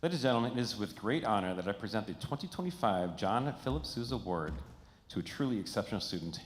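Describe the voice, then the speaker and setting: A man's voice: on the low side, lively intonation, quick pace. Upbeat man emceeing a school concert. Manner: upbeat, addressing audience and students. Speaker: band director. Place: school performing arts center. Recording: echoey hall, faint crowd and noise.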